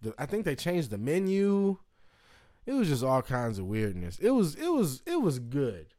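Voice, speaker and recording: A man from Indiana chatting casually to camera, rambling and swearing, with excited whoops and jumps into a high voice. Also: normal speed. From Indiana, United States. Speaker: vlogger. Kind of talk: casual chat.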